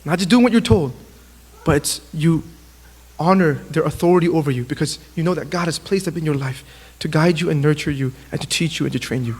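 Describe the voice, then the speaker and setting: Man, high-pitched, youth sermon, animated storyteller, big reverberant hall. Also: fairly quick, husky. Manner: animated storytelling, acts out quotes. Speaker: youth speaker. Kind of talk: sermon to young people.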